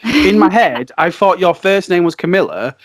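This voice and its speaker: Lively, rambling male podcast host. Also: high voice, moderate pace, dry recording, clean studio sound. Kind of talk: casual comedy chat.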